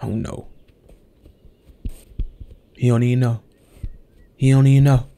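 A man's voice: mid-range voice, level tone, takes it slowly, dark tone. A young man giving casual, slangy play-by-play of a video game, talking to the characters on screen. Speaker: gameplay streamer. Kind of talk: casual let's-play commentary.

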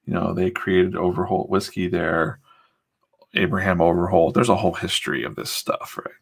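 A man's voice: low voice, normal speed, gravelly, husky. A man chatting casually while he works, telling loose stories with swearing and acted-out quotes. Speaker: comic artist streaming his drawing session. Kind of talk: casual rambling chat.

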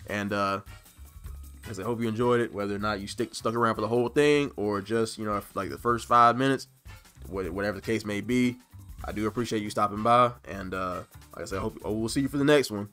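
A man's voice: fairly low pitch, fairly even intonation, fairly quick, pushed and bright, soft background music. Man rambling through a sign-off. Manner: laughing, rambling, drawling sign-off with many fillers. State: throat sore from laughing. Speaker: gaming channel host. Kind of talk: casual gameplay commentary.

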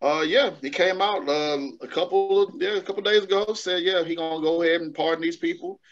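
A man's voice: sits high, fairly quick, soft background music. A man, co-hosting a casual chat show in a laid-back, drawling way. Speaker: podcast co-host. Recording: dull lo-fi sound.

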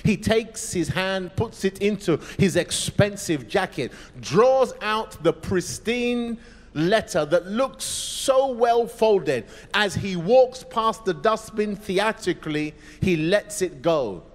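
A male pastor telling a story in a sermon, dramatic and vivid, dropping to a hush at moments. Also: high-pitched, animated, slow. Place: large church. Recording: echoey church hall.

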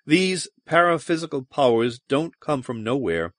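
A man's voice: medium pitch, very animated, normal speed, a bit bright, dry recording, clean studio sound. A man voicing an earnest male scientist officer explaining a theory in an audiobook.

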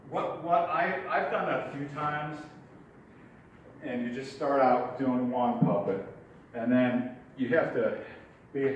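A man teaching a puppetry workshop in a relaxed, chuckling way, demonstrating as he goes. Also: medium pitch, highs cut off. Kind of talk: informal workshop lesson. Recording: echoey hall from far off, faint ambient noise.

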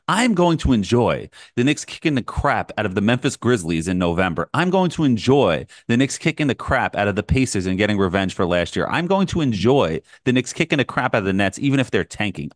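A man co-hosting a sports podcast, excitedly ranting as a hyped fan, tired and short on sleep. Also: on the low side, dry recording, clean studio sound. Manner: excited, ranting, fast bursts. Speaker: podcast co-host, Knicks fan. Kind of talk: casual sports chat.

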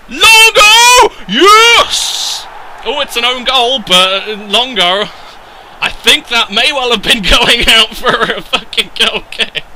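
A young man giving sweary, excitable commentary over a football video game, breaking into loud outbursts and then dropping to low mutters. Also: slight background noise, poor audio. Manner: excitable and sweary, yelling at his players. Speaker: gaming YouTuber. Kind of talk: live gameplay commentary.

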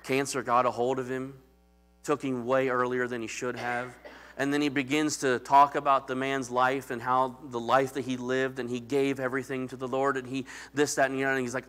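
A man's voice: mid-range voice, little pitch movement, brisk, fairly bright tone. A man preaching as pastor in a conversational, emphatic sermon that calls out to the congregation.

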